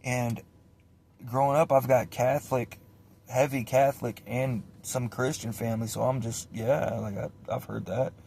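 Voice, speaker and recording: A man telling a casual story, loose and profane. He talks in an animated way and keeps slipping into other people's voices to act out the scenes. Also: mid-range voice, moderate pace, gravelly, a little hiss or hum.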